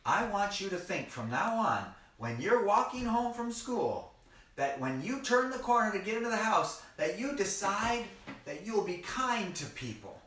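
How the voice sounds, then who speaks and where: A man voicing a stern, calm mother who is scolding her son, speaking slowly and firmly. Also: high-pitched. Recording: echoey room, mic far off.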